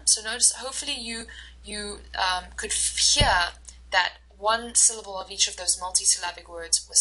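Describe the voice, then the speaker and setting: Husky-voiced woman teaching a lecture. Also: medium pitch, sharp tone, poor audio. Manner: explains slowly, acts out example dialogues, many fillers. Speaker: instructor. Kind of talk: recorded lecture.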